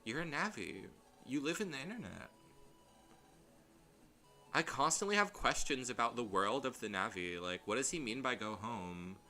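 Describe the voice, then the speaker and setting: A man chatting through a blind game playthrough, rambling and animated as he goes off on tangents. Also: medium pitch, normal speed, faint music behind. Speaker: game streamer. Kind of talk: casual gameplay commentary.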